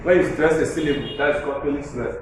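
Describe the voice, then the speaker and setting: A man's voice: on the high side, fast talker. A man teaching a lesson, repeating his points and spelling words out letter by letter. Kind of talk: classroom lesson on syllable stress. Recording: very echoey room with faint background noise.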